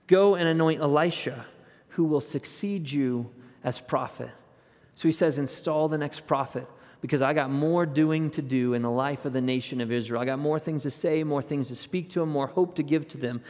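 Male preacher, fairly high voice, conversational storytelling sermon, hushed asides, big reverberant hall. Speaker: pastor.

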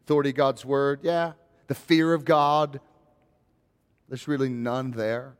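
A man's voice: mid-range voice, steady tone, unhurried, smooth, in a large hall. A male pastor preaching a sermon in a conversational way, building to rising, emphatic questions.

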